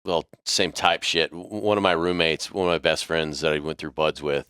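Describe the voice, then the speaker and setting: A man hosting a podcast, telling a story in a casual, profane, animated way. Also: a bass voice, moderate pace, smooth, no room sound, studio quality. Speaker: podcast host.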